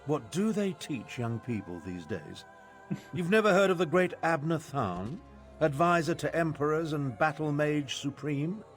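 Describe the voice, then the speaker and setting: A pompous old imperial mage. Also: male voice, fairly high pitch, lively intonation, a little slow, faint music behind. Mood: lecturing. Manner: self-important, lecturing. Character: pompous aging male imperial battle mage.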